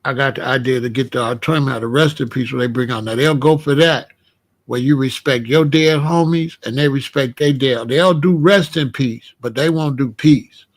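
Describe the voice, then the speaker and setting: A man, hosting a casual monologue and telling street stories in blunt, profane language. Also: normal speed. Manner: drops to low, quiet tones when recounting danger. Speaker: commentary channel host.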